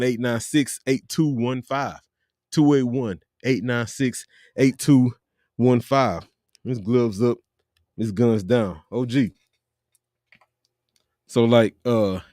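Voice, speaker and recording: A man hosting a podcast in a relaxed, casual way, with plenty of fillers, stopping his guest to sort out the details. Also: medium pitch, dry recording, studio quality. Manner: laid-back with fillers, stops the guest to check details. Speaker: podcast host.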